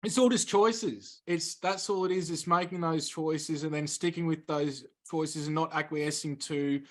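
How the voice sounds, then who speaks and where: Measured male guest with a high voice. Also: steady tone. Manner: measured, explanatory. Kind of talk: spiritual interview talk.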